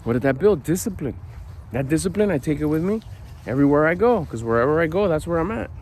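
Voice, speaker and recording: A middle-aged man giving a casual motivational talk outdoors at a park, blunt and animated, swearing freely. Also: on the high side, fast. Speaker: personal development vlogger.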